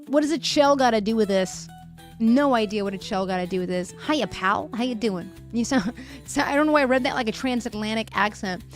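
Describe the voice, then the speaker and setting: A young woman hosting a live stream, chatting casually and reading viewer messages aloud with frequent laughs, her voice a little worn. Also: fairly high pitch. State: voice a bit fried. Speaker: livestream host. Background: faint music.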